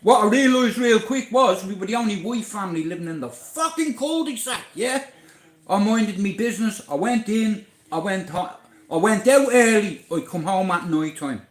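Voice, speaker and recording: A man with an Irish accent telling a story on a livestream, blunt, animated and swearing constantly. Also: high-pitched, normal speed, roomy sound.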